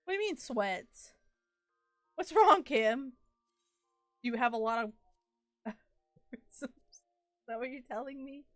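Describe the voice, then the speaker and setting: A woman's voice: sits high, animated, slow, long pauses, no room sound, clean studio sound, soft background music. A woman streaming a game live, chatting playfully with her viewers and laughing often. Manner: chats to viewers while playing. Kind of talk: casual live-stream gaming chat.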